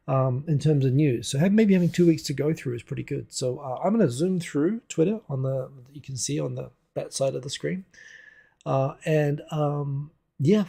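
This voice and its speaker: A man's voice: on the high side, vocal fry, dark tone, breathy edge. A man from New Zealand hosting a casual livestream at home on a desk microphone, chatting loosely and answering viewer comments as they come in. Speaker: livestream host. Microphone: desk USB microphone.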